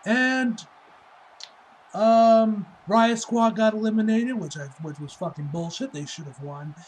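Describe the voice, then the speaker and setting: A man's voice: sits high, unhurried, poor audio. A man giving a casual spoken review, ranting heatedly with lots of swearing and a loose, rambling delivery full of "like.". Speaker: wrestling reviewer.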